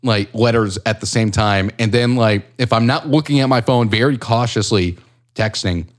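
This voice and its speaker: A young man co-hosting a podcast in casual chat, rambling and swearing freely, poking fun at himself and laughing easily. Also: medium pitch. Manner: rambling, profane, self-deprecating, quick to laugh. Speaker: podcast co-host.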